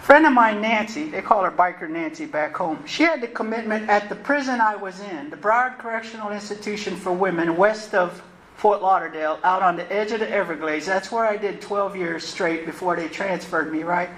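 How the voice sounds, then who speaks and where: A woman, telling her personal recovery story to a meeting in a candid, conversational and animated way. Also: medium pitch, brisk. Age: 60s. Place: meeting hall. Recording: roomy hall, faint noise.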